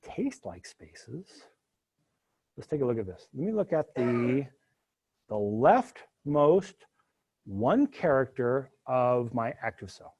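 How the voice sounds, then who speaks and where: Taking it slowly, a university instructor with a mid-range, breathy voice leads his students through a live spreadsheet coding lecture. He stays animated and drops jokes as he works through each step.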